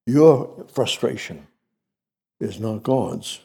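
A man preaching a sermon, repeating words for emphasis and rising sharply in pitch on stressed phrases. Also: slow, vocal fry, long pauses, warm tone, slightly rough. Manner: repetitive, emphatic preaching with sudden pitch rises.

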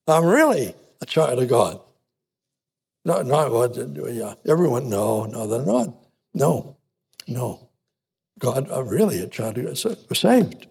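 A man preaching a sermon in an emphatic, repetitive way, with frequent restarts and halting pauses. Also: fairly high pitch, sing-song, gravelly, a little mellow, breathy edge.

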